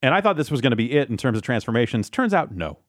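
A man co-hosting a casual anime recap chat, rambling with restarts and swearing, slipping into quick quoted lines. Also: medium pitch, very animated, dry recording, clean studio sound. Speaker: podcast co-host.

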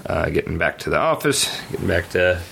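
A man's voice: sits low, big pitch swings, a little fast, gravelly, a bit bright. A man hosting a casual podcast chat, rambling and teasing. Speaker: podcast host. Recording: faint background noise.

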